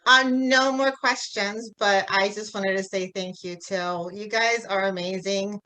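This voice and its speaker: A woman co-host speaking over a video call in a heartfelt, emotional way. Her voice is bright and clear, at a middle pitch for a woman. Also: fairly even intonation, measured pace, poor audio.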